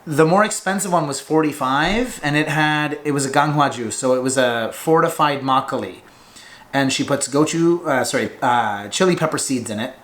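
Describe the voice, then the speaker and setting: A man in a relaxed vlog, speaking in a loose, informal way with the odd swear word. His voice sits a little higher than most men's. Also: normal speed. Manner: chatty, informal, swears casually. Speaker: vlogger reviewing Korean alcohol. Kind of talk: casual vlog chat.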